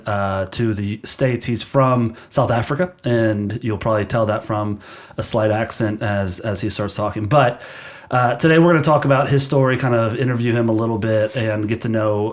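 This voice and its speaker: A man hosting a podcast, welcoming and questioning his guest in a friendly, chatty way. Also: lowish voice. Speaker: podcast host. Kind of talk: casual interview.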